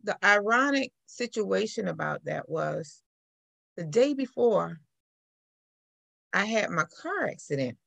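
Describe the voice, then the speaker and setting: A middle-aged woman, telling her personal story as an interview guest in an animated way. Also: medium pitch, takes it slowly, creaky, long pauses, no room sound. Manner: animated storyteller, acts out quoted voices. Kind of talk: personal account in conversation.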